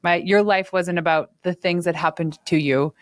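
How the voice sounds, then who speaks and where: A woman hosting a podcast, telling personal stories in a lively, conversational way with laughs. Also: fairly low pitch, moderate pace, dry recording, studio quality. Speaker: podcast host. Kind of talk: conversational storytelling.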